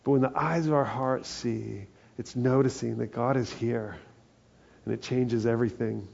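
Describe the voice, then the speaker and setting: Gravelly low-toned guy preaching, warm and mellow, kinda muffled lo-fi sound. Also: steady tone, normal speed. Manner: earnest, builds to emphatic peaks. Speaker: pastor. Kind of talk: sermon.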